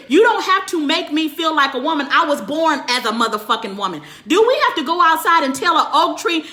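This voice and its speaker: A woman's voice: sits high, expressive, brisk, hardly any pauses, bright, forceful tone. A woman counselor delivering a profane, emphatic rant to her viewers and answering their comments. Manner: profane and emphatic, swears constantly. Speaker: relationship counselor. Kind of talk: ranting monologue to viewers.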